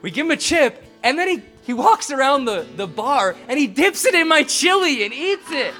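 A male pastor preaching a sermon through an animated, chuckling story full of "like" fillers. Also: very high-pitched, normal speed, music in the background.

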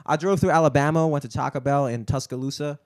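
A man's voice: a little high, fairly even intonation, fast talker, no room sound. Dude hosting a podcast, swears a lot, dry close sound, laughs at his own stories. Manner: profane, laughing storyteller. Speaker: podcast host. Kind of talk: casual chat.

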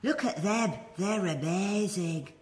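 A woman's voice: mid-range voice, slow pace, a little mellow, close to an everyday voice. Woman doing an eager, dreamy slug. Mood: delighted. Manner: wide-eyed and wistful. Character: cheerful young male slug, eager and dreamy.

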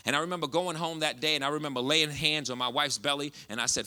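A male pastor preaching a sermon, passionate and conversational, swinging from hushed asides to loud bursts. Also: fairly high pitch, quick pace, few pauses. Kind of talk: preaching a sermon with a personal story.

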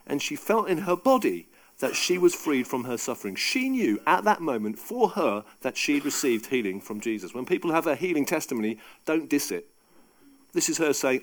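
A man preaching a sermon in an animated, conversational and emphatic way. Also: on the high side, moderate pace.

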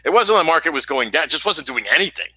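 A man co-hosting a podcast in casual chat with a very bright, forceful voice. He speaks haltingly and repeats words while he works out his point, on a dry studio mic. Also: a little high, animated, breathy edge, dry recording, low-quality recording. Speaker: podcast co-host.

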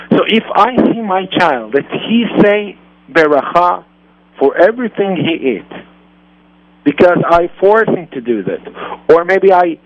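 Gravelly slow-talking man on radio. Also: a little high. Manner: earnest, repeats and rephrases points. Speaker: rabbi and radio host. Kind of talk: parenting talk on a radio show. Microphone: radio studio mic. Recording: dull lo-fi radio recording.

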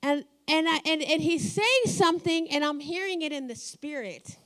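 A middle-aged woman delivers a sermon in a high voice, telling personal stories in an easy, conversational way. She laughs often between her lines. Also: animated, normal speed. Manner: warm storytelling, laughs often. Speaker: pastor.

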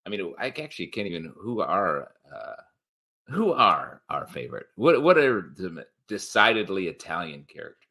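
A man co-hosting a casual live-streamed talk show, joking and animated. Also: low voice, vocal fry. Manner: joking, animated, quick asides. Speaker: podcast co-host.

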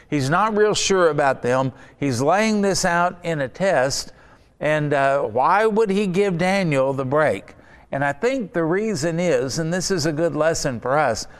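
A man's voice: on the high side, smooth. Resonant-voiced man preaching in a reverberant hall. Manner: conversational teaching with personal anecdotes. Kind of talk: sermon.

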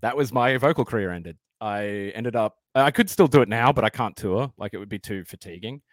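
A man's voice: fairly low pitch, a little fast, dry recording, clean studio sound. A man with an Australian accent, a podcast guest rambling through casual explanations with plenty of fillers. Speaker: podcast guest, former band vocalist.

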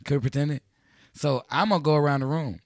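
Rowdy joking Chicago radio host. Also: male voice, fairly high pitch, quick pace, no room sound. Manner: rowdy, joking, slangy, talks over friends. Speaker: community radio show host. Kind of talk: loose call-in radio banter. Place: small radio studio.

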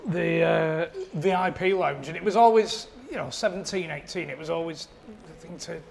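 A man's voice: on the high side, normal speed, creaky, slight background noise. A man, rambling through a self-mocking anecdote on a podcast. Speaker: podcast producer. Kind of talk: casual storytelling.

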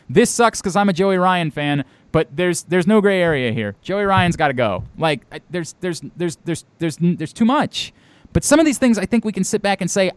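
A man's voice: high-pitched, clean tone, no echo. A man in his thirties from Baltimore, co-hosting a casual podcast chat, talking bluntly and emphatically with some swearing.

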